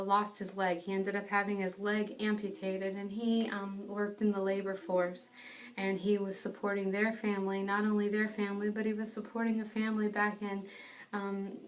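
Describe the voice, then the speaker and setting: A woman telling a personal faith testimony, in an earnest, animated storytelling manner. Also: mid-range voice, far from the mic. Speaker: ministry speaker.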